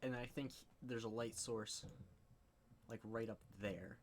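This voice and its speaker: A man's voice: medium pitch, fairly even intonation, slow pace, slight background noise. A man playing a tabletop game, chatting casually, joking and swearing while he eats. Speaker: player.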